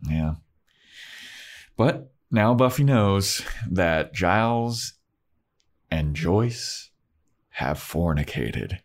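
Low-voiced guy recapping a tv episode, casual podcast chat. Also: drawn-out words, pauses often. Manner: animated recapper who acts out characters in high falsetto voices.

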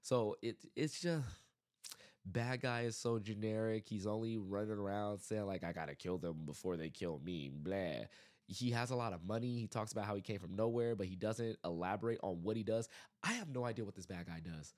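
A man hosting his own podcast, giving a casual, animated movie review full of exasperated rants and restarts. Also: on the low side, normal speed. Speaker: podcast host.

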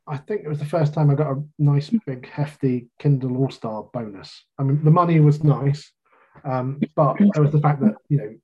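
A man's voice: mid-range voice, breathy edge, lo-fi sound. A man with a British accent, an author chatting casually in an interview, with a self-deprecating, jokey way of talking. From Britain.

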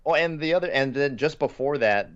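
A man's voice: fairly high pitch, a little fast, fairly bright tone, smooth. A man co-hosting a casual podcast, retelling cartoon scenes and quoting lines with little laughs. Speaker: podcast co-host. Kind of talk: casual chat. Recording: slightly dull lo-fi podcast audio.

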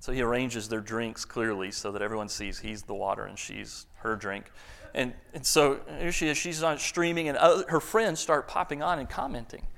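A man's voice: mid-range voice, normal speed, gravelly, a bit bright. A man preaching a sermon, telling a story earnestly with small restarts.

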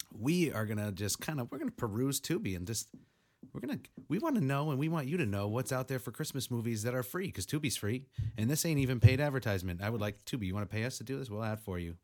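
A man's voice: mid-range voice, lively intonation, fairly quick. New guy cohosting a podcast, blunt, jokey, swears a ton. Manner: blunt, swears a lot, joking. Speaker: podcast co-host. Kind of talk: casual chat.

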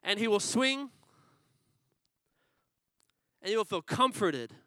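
Man playing a keen shopkeeper, bright and pushy, sales patter. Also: very animated, normal speed, no room sound, full character voice. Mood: pleading. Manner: salesy, reassuring pitch. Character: eager, fast-talking male pet shop owner, middle-aged.

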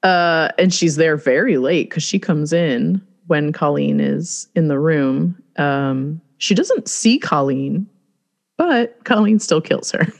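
A woman's voice: deep voice, animated, slow, vocal fry. A woman co-hosting a casual podcast chat, recapping a movie and laughing often as she talks. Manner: giggly, laughs often while talking. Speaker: podcast co-host.

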